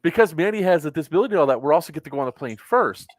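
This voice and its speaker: A man hosting a casual podcast chat, telling a long story in an animated, exasperated and profane way. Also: on the high side, rapid-fire, dry recording. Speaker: podcast host.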